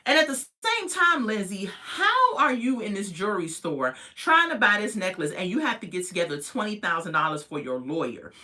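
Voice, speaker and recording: A woman's voice: mid-range voice, very animated, moderate pace, few pauses, sharp tone. A woman, recapping a reality show in a chatty, sassy, incredulous way with colloquial asides.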